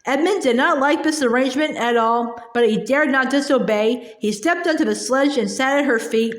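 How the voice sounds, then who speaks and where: A woman narrating a storybook aloud in a calm, measured way. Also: sits high. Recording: echoey room.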